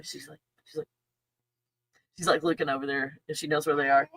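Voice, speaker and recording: A rambling, chatty middle-aged woman hosting a casual livestream. Her voice sits low, and the sound is close and dry, with no room around it. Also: flat delivery, a little fast, long pauses, a bit bright, husky, no echo. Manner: rambling, chatty, laughs often, talks to her dog. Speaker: channel host.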